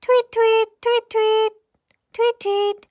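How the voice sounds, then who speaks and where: A woman's voice: very high-pitched, little pitch movement, extremely slow, a little mellow, voice pushed up, heavily acted. A woman voicing a small curious bird that chirps and asks questions, with a Korean first language. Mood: chirpy curious.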